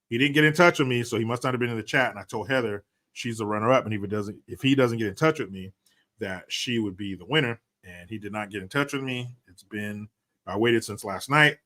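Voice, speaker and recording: A man on a casual livestream, thanking donors and riffing on their messages. His voice is bright and forceful, and he talks bluntly, jokes a lot and swears freely. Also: lowish voice. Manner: profane, joking and blunt. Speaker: livestream host. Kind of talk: casual livestream chat reading donations.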